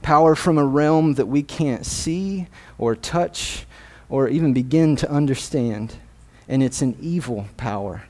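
Male guest preacher, unhurried delivery, mellow voice, earnest scripture reading. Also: medium pitch. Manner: earnest, measured, reads scripture aloud. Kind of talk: sermon. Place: church sanctuary.

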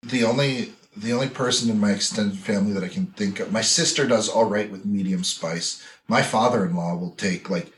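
Man from Wisconsin, slight Wisconsin accent, lowish voice, casual rambling storyteller for a podcast. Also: fairly quick, few pauses. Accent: mild Wisconsin. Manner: rambling storyteller, many fillers. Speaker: podcast co-host. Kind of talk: casual chat.

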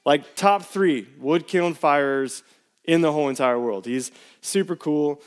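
A man in his thirties preaching a sermon to his church, telling personal stories in a casual, animated way. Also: a little high, measured pace. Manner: storytelling, animated, casual slang. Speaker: pastor.

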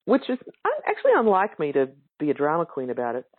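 A woman with a low, slightly rough voice talks fast, her pitch swooping wildly, as she tells yoga teachers an excited, casual story about a yoga class and acts out others' quotes. The recording is online call audio with a narrow, phone-like sound.

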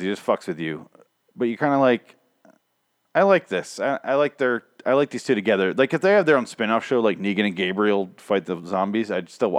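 A lower-pitched man talks alone into a podcast mic, rambling and swearing as he jokes through a recap. His voice is strained and a bit shaky from recent overuse. The sound is dry and close, with almost no room around it. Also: dry recording. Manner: profane, rambling, jokey. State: strained, recovering voice. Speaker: podcast host. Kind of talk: casual solo show recap.

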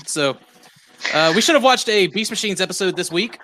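A man's voice: sits high, animated, normal speed, pushed and bright. A man hosting a podcast in casual chat, rambling with lots of fillers and laughs. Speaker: podcast host.

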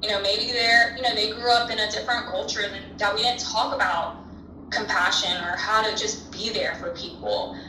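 A woman's voice: mid-range voice, steady tone, normal speed, noisy background. Thoughtful woman on a distant, echoey mic. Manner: thoughtful, reflective, many fillers. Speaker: guest. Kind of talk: casual conversation.

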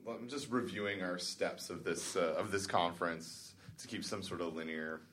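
A man's voice: sits low, normal speed, fairly bright tone, slight background noise. A man with a Canadian accent co-hosting a podcast in casual chat, laughing often. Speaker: podcast co-host.

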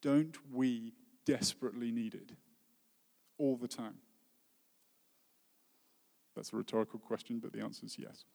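A man's voice: medium pitch, steady tone, unhurried, vocal fry, long pauses. Earnest man preaching in a hall. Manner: earnest, heartfelt preaching with soft dropping phrases. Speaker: worship leader. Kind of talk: sermon. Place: church hall. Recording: long reverb of a hall.

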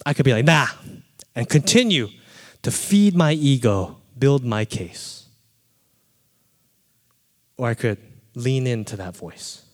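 Animated male preacher in a reverberant hall. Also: mid-range voice, takes it slowly, pauses often. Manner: animated storytelling, acts out his own quoted thoughts. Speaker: pastor. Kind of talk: sermon.

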